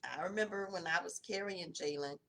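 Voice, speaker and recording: A woman, telling a personal testimony in a casual, conversational way. Her voice drops low and soft in the emotional stretches. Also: brisk, gravelly. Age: 40s. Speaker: host of a morning devotional.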